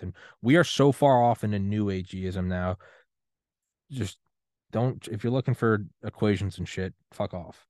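A man's voice: on the low side, darkish tone, no echo, studio quality. A man in his thirties hosting a solo podcast rant, profane, defiant and impassioned. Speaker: podcast host.

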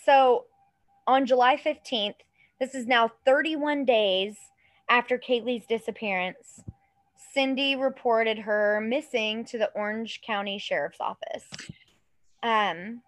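A woman in her thirties chats casually as a co-host. She tells a story loosely, swearing and laughing as she goes. Her voice sits a bit high and sounds close and dry. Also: slow pace, no room sound, rough recording. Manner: chatty, swearing, acts out quoted voices with laughter. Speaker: podcast co-host telling a true crime case. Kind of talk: casual chat.

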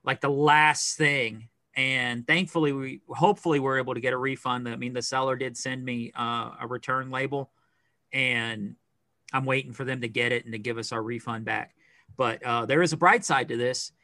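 A middle-aged man co-hosting a podcast, chatting casually in a rambling, animated way with lots of fillers. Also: mid-range voice, moderate pace, no room sound. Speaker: podcast co-host. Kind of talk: casual chat.

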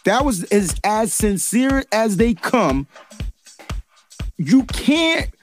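A man hosting a casual sports chat show, animated and joking, heavy on slang. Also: sits high, very slow, soft background music. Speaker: podcast host.

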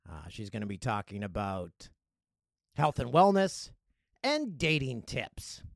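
A man hosting his own podcast, chatting casually and riffing on news stories and listener emails with a joking, animated manner. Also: mid-range voice, a little slow, gravelly, no room sound, studio quality. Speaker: podcast host. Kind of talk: casual solo podcast chat.

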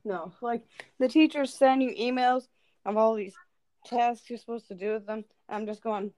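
A woman's voice: a little high, normal speed, a little mellow, no room sound. A young woman chatting casually and bluntly, swearing freely and laughing often. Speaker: co-host of a live audio chat. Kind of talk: casual chat.

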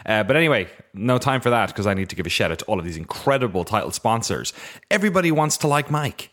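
A man co-hosting a podcast at a fairly low pitch, talking loosely and laughing between his words. He rambles into side jokes in a relaxed, chatty way. He records into a desk mic in a room at home. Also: quick pace. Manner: laughs often, rambling asides. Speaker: podcast co-host. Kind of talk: casual chat. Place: room in a house with movers stomping overhead. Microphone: desk mic recorded in Audacity.

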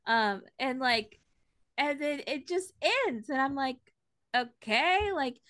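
Southern woman rambling on a podcast, kinda high voice, dry close sound. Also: slow, a bit bright, dry recording. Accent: Southern American. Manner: chatty, rambling with many restarts and fillers. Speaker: podcast co-host. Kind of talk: casual chat.

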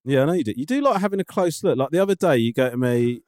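A man's voice: medium pitch, expressive, darkish tone, dry recording. Guy cohosting a chat podcast, swears a lot, gets worked up, voice swings all over, dry close sound. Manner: indignant, swears freely, quick-witted. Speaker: podcast co-host. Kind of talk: casual chat.

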